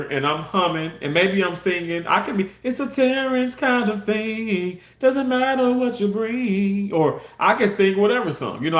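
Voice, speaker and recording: A man's voice: sits high, fairly bright tone, roomy sound. A man ranting on his live stream in a passionate, heated way, cursing and repeating himself. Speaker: live-stream content creator. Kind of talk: casual live-stream rant.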